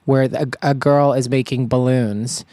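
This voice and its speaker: A man's voice: medium pitch, fairly even intonation, measured pace, mellow, no echo. Chatty London-born man, dry studio sound. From England. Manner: chatty, self-deprecating, storytelling. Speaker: guest songwriter. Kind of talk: casual chat.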